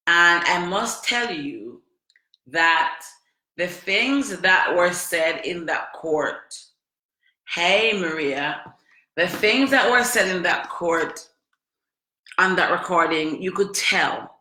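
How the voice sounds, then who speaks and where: A woman's voice: lowish voice, sharp tone. Emphatic, chatty woman in an echoey room. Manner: emphatic, repetitive, chatty storytelling. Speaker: vlogger telling her own story. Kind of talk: emotional personal testimony to camera.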